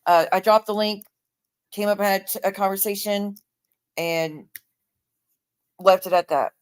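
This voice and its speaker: Woman, livestreamer, casual chat, blunt, swears freely, sarcastic, mid-pitched voice. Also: steady tone, unhurried, clear, resonant tone.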